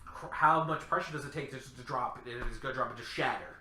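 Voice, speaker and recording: A man co-hosting a casual gaming chat, excitable and jokey, laughing often. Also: medium pitch, fast talker, a little hiss or hum. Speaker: podcast co-host. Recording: echoey room.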